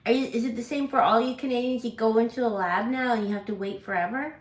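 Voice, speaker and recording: A woman's voice: a little high, steady tone, fast, echoey room, poor audio. A woman hosting a casual livestream from home, rambling and correcting herself as she chats with viewers. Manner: rambling, self-correcting, chatty. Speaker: parrot channel host.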